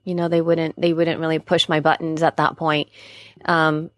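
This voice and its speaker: A woman's voice: low-pitched, flat delivery, moderate pace, no echo, clean studio sound. A woman in casual chat, talking candidly and rambling, often correcting herself mid-sentence.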